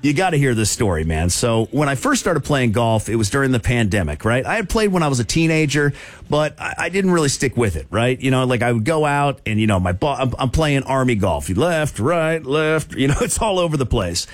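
An excitable male radio host tells a story in a lively, swinging voice. His delivery is loose and chatty, full of laughs and shouted asides. The sound is close and dry, with no room echo. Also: medium pitch, brisk. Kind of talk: radio talk show storytelling.

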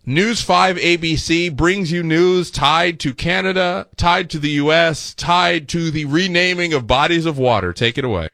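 A man hosting a talk radio show, mocking the clips he plays with quick sarcastic asides. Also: on the high side, sharp tone, no echo, studio quality.

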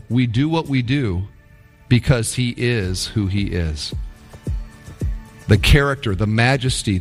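A man preaching a sermon with animated storytelling, paraphrasing biblical figures in his own voice. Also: mid-range voice, in a large hall. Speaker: pastor.

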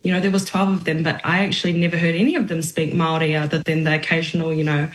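Woman interviewee, very low voice, echoing room, measured and reflective. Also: level tone. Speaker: guest. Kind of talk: casual interview answer. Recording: roomy echo.

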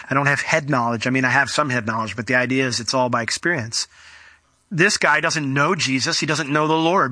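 A middle-aged man preaching an expository sermon, animated and acting out the shouts he quotes. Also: a little high, no echo. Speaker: pastor.

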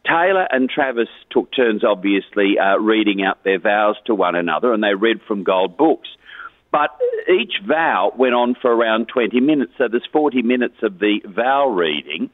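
A man's voice: lowish voice, lively intonation, moderate pace, no room sound. A man giving a chatty, gossipy entertainment report on a radio show, chuckling as he goes. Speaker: entertainment news contributor. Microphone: phone line. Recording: tinny phone line on radio.

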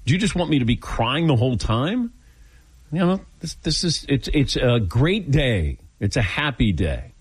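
A middle-aged man hosting a sports radio talk show, lively and joking. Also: mid-range voice, moderate pace, husky, no echo.

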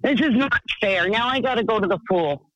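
A man voicing a rambling, excitable woman calling in to a radio show. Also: high voice, a little fast, no echo, muffled recording. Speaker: caller.

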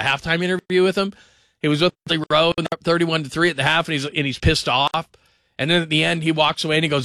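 A man hosting a call-in sports radio show, talking fast and animated, often mimicking the people he talks about. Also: a little high, no room sound. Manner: animated, does mocking voices of others.

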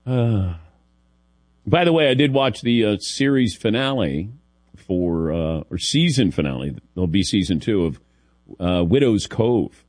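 A man's voice: lowish voice, animated, a little slow, a little mellow. This is a Midwestern man hosting a sports radio show, and his voice rises and falls a lot as he talks. He tells his stories with a wry, self-mocking edge. The sound is dry and close, with no room echo. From American Midwest. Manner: wry, self-deprecating storyteller who laughs often. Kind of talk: casual sports radio banter.

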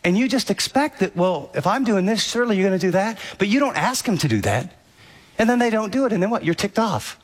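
Middle-aged pastor guy, earnest storyteller, gets punchy and emphatic, voice on the higher side. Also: very animated, quick pace. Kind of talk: sermon.

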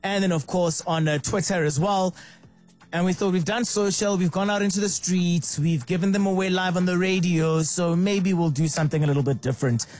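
A man hosting a radio show, talking in a lively, sing-song, playful way. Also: high-pitched, fairly quick, faint music behind. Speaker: radio host. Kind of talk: upbeat radio chat. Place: radio studio.

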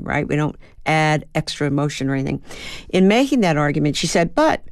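Woman, 70s, low voice, thoughtful storyteller, dry booth sound. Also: no room sound. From Baltimore, USA. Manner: thoughtful storyteller who sounds out rhythms aloud. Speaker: interview guest, actor and playwright. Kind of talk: reflective radio interview answers.

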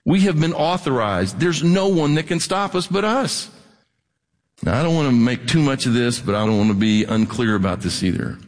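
A middle-aged male pastor preaching a sermon in an animated way, rising almost to a shout at his peaks. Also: medium pitch, moderate pace, in a large hall.

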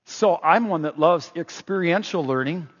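A man preaching a sermon in an energetic, emphatic way, moving between loud stresses and quiet asides. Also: a little high, moderate pace, slightly rough. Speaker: pastor. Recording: dull, echoing hall sound.

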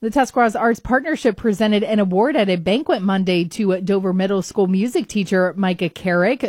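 A woman reads local news headlines on morning radio. She keeps a steady, measured pace. The sound is dry and close. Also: medium pitch, dry recording. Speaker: radio news reader and co-host.

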